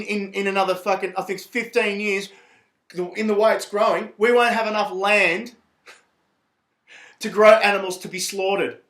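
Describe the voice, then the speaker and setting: A man rants in a rambling, profane way. His voice sits high for a man. The room around him is echoey. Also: sharp tone. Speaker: vlogger. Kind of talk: casual monologue to camera.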